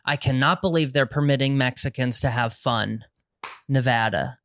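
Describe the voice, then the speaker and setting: Low-voiced deadpan woman co-host. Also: normal speed, dry recording, clean studio sound. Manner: deadpan, sarcastic asides. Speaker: podcast co-host. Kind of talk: casual podcast chat.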